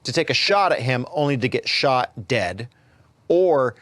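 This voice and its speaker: A man's voice: mid-range voice, animated, a little slow, fairly bright tone, no echo. A man hosting a podcast, giving opinionated commentary and often stammering into repeated words. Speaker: podcast host.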